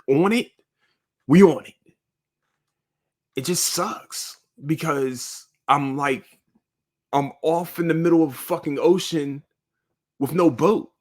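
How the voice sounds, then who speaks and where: A man hosting a solo podcast, talking in a rambling, profane, emotional way straight to his listeners from a cold room. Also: fairly high pitch. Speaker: podcast host. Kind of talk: casual solo monologue.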